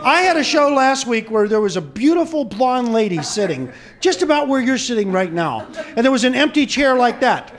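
A man doing stand-up comedy, telling jokes with animated punchline delivery. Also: very high voice, normal speed, hardly any pauses. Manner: animated, punchline-driven storytelling.

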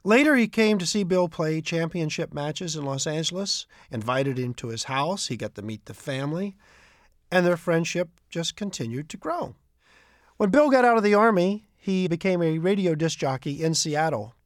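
High-voiced man telling anecdotes. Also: normal speed, dry recording, studio quality. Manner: animated, repeats quoted speech. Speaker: storyteller. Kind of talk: retelling anecdotes.

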